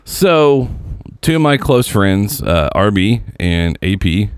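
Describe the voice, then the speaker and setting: A man's voice: lowish voice, takes it slowly, clear, resonant tone, no echo. A man co-hosting a casual podcast chat, telling stories with lots of swearing and acting out what his friends said. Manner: animated storyteller, swears freely, acts out quoted texts. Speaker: podcast co-host.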